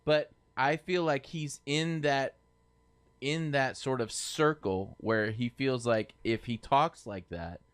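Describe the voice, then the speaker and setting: A man's voice: medium pitch, slow, clear, resonant tone. A man hosting a podcast, talking casually with a rambling, self-correcting manner. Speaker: podcast host. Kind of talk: casual chat.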